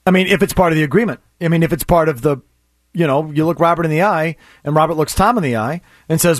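A male sports radio host pushes his point with one rhetorical question after another. His voice sits high, and the studio sound is dry and close. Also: quick pace, no room sound. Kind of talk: sports talk radio debate.

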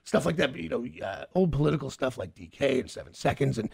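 A man's voice: mid-range voice, expressive, fast, vocal fry, a little mellow, slightly rough. A man chatting casually, rambling and stammering with frequent laughs. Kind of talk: casual chat.

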